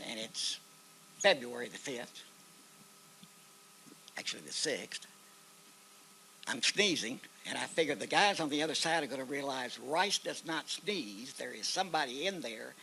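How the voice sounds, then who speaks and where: A veteran with an Oklahoma accent, older and speaking as a guest at an outdoor park memorial ceremony, shares a war story from his own life, folksily acting out what people said. His medium-pitched voice has vocal fry and a sharp tone, in a rough recording with slight background noise.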